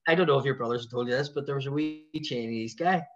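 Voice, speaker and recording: A man with a West Belfast accent, a guest comedian telling lively stories in casual podcast chat, often chuckling. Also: mid-range voice, quick pace, crowd noise. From West Belfast, Northern Ireland. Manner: lively anecdotal storytelling, chuckling. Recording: slightly dull lo-fi sound.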